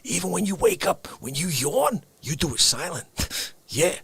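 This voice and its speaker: A man hosting a livestream, riffing comedically and swinging between loud shouts and hushed whispers. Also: high voice, sing-song, a little slow, gravelly, slightly rough, no room sound. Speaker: livestream host. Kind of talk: rambling comedic riff.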